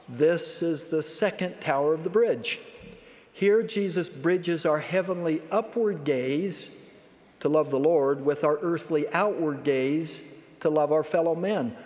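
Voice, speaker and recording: A man's voice: fairly high pitch, a little mellow. Earnest man preaching in a big hall. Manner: measured, earnest preaching delivery. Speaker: church leader giving a conference address. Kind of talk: sermon. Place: large conference hall. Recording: long reverb of a large hall.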